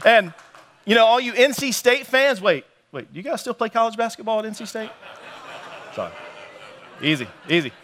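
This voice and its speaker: A young man preaching a sermon, joking with the crowd, reading scripture slowly and acting out the quoted taunts with energy. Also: high-pitched, sing-song, a bit bright, slight background noise. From North Carolina. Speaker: pastor.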